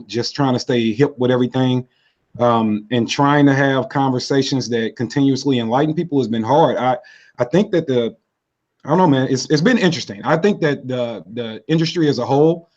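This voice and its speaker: A man co-hosting a podcast with a hoarse voice, rambling and hesitant with many fillers. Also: medium pitch, darkish tone, lo-fi sound. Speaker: podcast co-host. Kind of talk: casual podcast chat.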